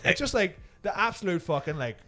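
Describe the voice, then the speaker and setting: Animated man, swearing. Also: sits high, a little fast. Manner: animated, swearing, does mocking voices in quotes. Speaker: podcast co-host. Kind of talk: casual chat.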